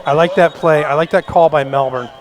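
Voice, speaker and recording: A man giving folksy, joking color commentary at a live high school football game. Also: brisk. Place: outdoors at a high school stadium. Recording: outdoor stadium with crowd.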